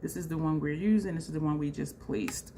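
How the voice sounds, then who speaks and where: A woman vlogging a makeup tutorial in a chatty, excitable way, talking straight to her viewers. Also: deep voice, fairly quick, gravelly, slight background noise. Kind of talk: casual makeup tutorial chat.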